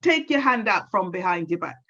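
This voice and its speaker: A woman's voice: medium pitch, very animated, brisk, sharp tone. A woman voicing a stern old grandmother who is easily vexed, scolding and insistent. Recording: dull lo-fi recording.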